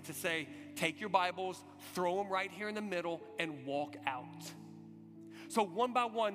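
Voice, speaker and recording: A man preaching a sermon, telling a story dramatically, swinging from urgent loud passages to hushed, quiet ones. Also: high voice. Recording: long hall reverb with music behind.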